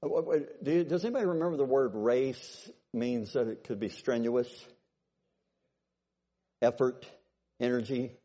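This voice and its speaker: Animated preacher man with a dark voice. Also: moderate pace, pauses often. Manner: animated, swings from loud bursts to low asides; keeps checking in with the congregation. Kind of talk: sermon with storytelling.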